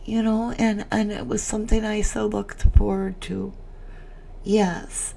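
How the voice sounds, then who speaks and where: A woman's voice: mid-range voice, flat delivery, unhurried, vocal fry, warm tone, a little hiss or hum. A woman hosting a casual livestream chat, emotional as she reads viewer comments aloud. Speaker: livestream host.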